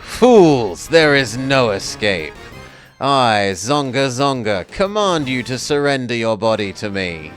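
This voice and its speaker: A man's voice: mid-range voice, very animated, slow, soft background music. A man voicing an ancient evil male skull spirit that hunts for a new body, reading the game's dialogue in grand, menacing proclamations. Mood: commanding. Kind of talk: reading game dialogue aloud.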